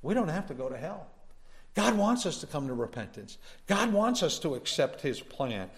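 A man's voice: a little high, big pitch swings, moderate pace. Man preaching a folksy sermon. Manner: folksy storytelling, building to emphatic preaching. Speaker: pastor.

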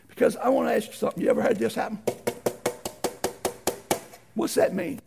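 Man, preacher, gravelly and husky, very high-pitched, animated storyteller. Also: brisk. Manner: animated, acts out voices in stories. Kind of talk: folksy storytelling sermon.

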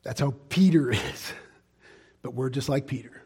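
A man preaching a sermon in an earnest, pleading way, swinging from loud urging to hushed asides and chuckling through his points. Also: medium pitch, unhurried, breathy edge. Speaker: pastor.

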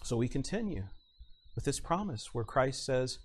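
A male pastor preaching a sermon, stressing single words with long pauses and repeating phrases for emphasis. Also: medium pitch, sing-song, a little hiss or hum.

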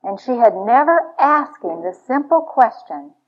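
A woman's voice: a little high, sing-song, unhurried. A woman speaking to an audience about marriage in an earnest, confessional storytelling manner. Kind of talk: teaching talk to an audience. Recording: dull lo-fi recording.

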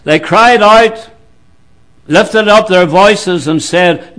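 Guy preaching a sermon, real slow and measured, drops way quiet sometimes. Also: high-pitched. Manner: slow, deliberate preaching with dramatic drops to a hushed voice.

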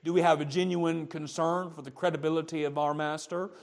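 A man's voice: on the high side, level tone, fairly quick, vocal fry. A man preaching a sermon, emphatic and repetitive, often restarting his phrases.

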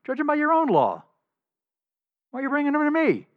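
A man's voice: very high voice, huge pitch swings, brisk, no room sound, pitched above the performer's own voice, heavily acted. A man putting on an exasperated, brusque Roman governor. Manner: loud, brusque, dismissive. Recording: slightly dull lo-fi recording.

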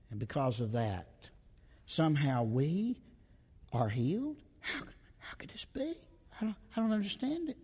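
A high, animated male voice preaches slowly and deliberately, asking the same question again and again and drawing out single words. His voice rings with the long reverb of a big hall. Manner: dramatic, repeats rhetorical questions, stretches words, drops to a hush. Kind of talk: expository sermon.

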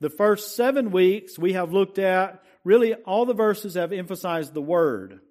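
Male preacher, high pitch, slow deliberate delivery, quizzes the congregation, leans hard on scripture. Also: expressive, a little mellow. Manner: asks the congregation questions, slow emphatic scripture reading. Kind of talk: sermon.

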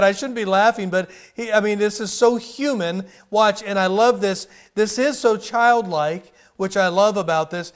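A man's voice: high voice, clear, resonant tone. A man preaching a sermon in a conversational way, asking his listeners frequent rhetorical questions. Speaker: pastor.

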